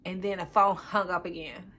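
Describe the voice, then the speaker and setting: A woman's voice: on the low side, moderate pace. A young woman casually telling a personal story on a podcast, acting out the quoted dialogue with lots of "I'm like". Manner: animated, acts out quoted dialogue, frequent "I'm like". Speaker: podcast co-host.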